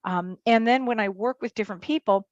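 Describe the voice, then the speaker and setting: Brief: woman guest, animated storyteller, dull dry recording. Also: fairly quick, no echo. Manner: animated, acts out quotes in high voices. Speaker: psychotherapist and medium guest. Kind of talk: storytelling in an interview.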